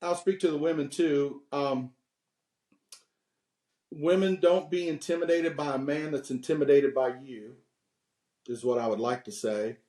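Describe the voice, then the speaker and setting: An animated man in his fifties talks as a podcast guest in a fairly high voice. He tells candid stories, laughs at himself, then turns preachy with advice. The room rings with a noticeable echo. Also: unhurried, pauses often. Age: 50s.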